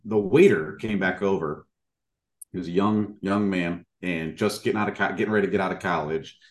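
A man with a low voice talks earnestly and a bit ramblingly, leaning on plenty of fillers as he hosts a casual interview. His voice rings with roomy echo. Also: brisk.

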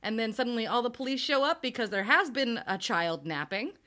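A woman's voice: on the high side, brisk. A woman co-hosting a casual podcast, recapping a movie plot with lots of laughter and acted-out character lines. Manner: animated, laughs often, acts out characters' lines. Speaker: podcast co-host.

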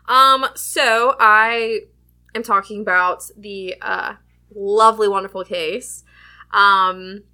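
Woman, podcast co-host, bright voice, casual chat, laughs a lot, swears. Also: medium pitch, fairly even intonation, takes it slowly.

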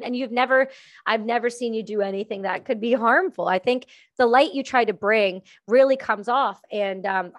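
A woman host in casual chat, candid and jokey, swearing freely. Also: a little high.

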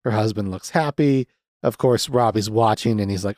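A man's voice: lowish voice, a little fast, darkish tone, dry recording, clean studio sound. Sardonic young man recapping a movie. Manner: sardonic, swears freely, frequent fillers. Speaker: podcast host reviewing a movie. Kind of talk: casual recap.

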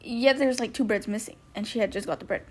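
A woman's voice: on the high side, fast. Chatty young woman rambling on a podcast. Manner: rambling, heavy use of "like", acts out quotes. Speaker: podcast host. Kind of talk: casual storytelling podcast.

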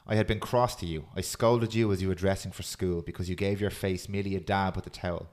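A man hosting a podcast, chatting casually and reading a poem aloud in a steady, earnest way. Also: sits low, fast. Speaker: podcast host.

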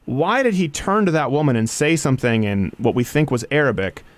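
A man hosting a casual talk show, speaking in an animated, sarcastic way. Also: mid-range voice, a little fast, no echo. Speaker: podcast host.

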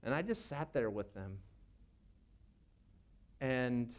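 Smooth-voiced man telling a personal story. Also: medium pitch, lively intonation, takes it slowly. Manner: casual, rambling with many fillers. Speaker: youth pastor.

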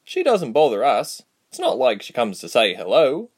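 A man's voice: mid-range voice, wildly swooping pitch, moderate pace, husky, pitched above the performer's own voice. A man voicing an easygoing young village man who speaks plainly, in a storybook reading. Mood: matter-of-fact. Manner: plain, shrugging speech.

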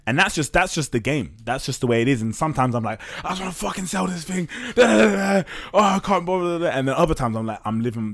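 Man, startup founder type, quick casual delivery in a lowish register, candid guest energy. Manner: fast, casual, open talker with loose slang and swearing. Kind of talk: candid podcast conversation.

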